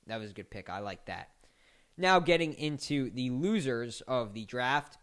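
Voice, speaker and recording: A man giving casual sports commentary as a podcast host, chatty and joking, his voice climbing into animated, mocking outbursts. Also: medium pitch, normal speed. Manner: chatty, laughs and mocks with rising animated outbursts.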